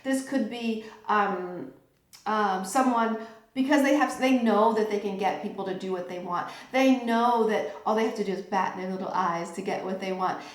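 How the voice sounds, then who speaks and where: A middle-aged woman teaching a tarot class in a relaxed, chatty way, often checking in with her listeners. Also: mid-range voice, normal speed. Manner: chatty, checks in with "okay?" and "right?". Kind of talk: informal teaching talk. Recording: echoey room.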